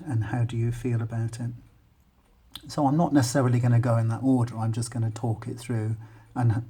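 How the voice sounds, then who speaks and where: A man with an English accent, talking students through a poem and thinking aloud in an unhurried, explanatory way. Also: medium pitch, dark tone, slightly rough. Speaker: English teacher.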